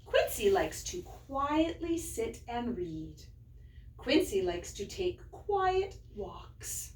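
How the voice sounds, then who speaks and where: A woman teacher reads a picture book aloud to young children, slow and sing-song, her pitch lively and bright. She sounds a little distant, in an echoey room with a faint background hum. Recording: roomy, mic at a distance.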